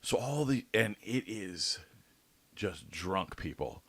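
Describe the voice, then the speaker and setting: A young man tells a rambling story, full of swearing and loose fillers. His voice sits on the low side, and the close mic keeps it dry and dead. He sounds like one half of a laid-back podcast chat. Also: very animated, slow pace, breathy edge, dry recording. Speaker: podcast co-host. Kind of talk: casual chat.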